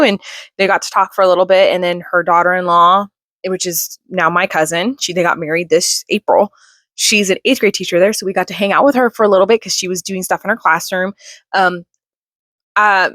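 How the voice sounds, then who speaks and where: Chatty young mom vlogger, low voice. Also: female voice, a bit bright, no room sound, clean studio sound. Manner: rambling, chatty, many fillers. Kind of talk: casual chatty vlog.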